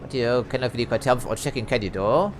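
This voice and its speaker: A man's voice: mid-range voice, fast talker, slight background noise. A man giving casual let's play commentary, chatty, hedging and dryly critical as he plays.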